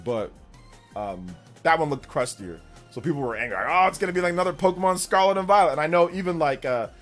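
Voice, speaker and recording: A man hosts a casual gaming livestream, his voice sitting a touch high for a man. He rambles loosely and breaks off to thank viewers by name. Faint music plays underneath him.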